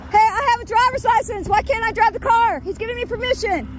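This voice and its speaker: A woman bystander indignantly yelling at police, repeating herself, in an outdoor phone video. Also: very high-pitched, fast, background noise. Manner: indignant, repetitive. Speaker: bystander at a traffic stop. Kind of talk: shouting at police.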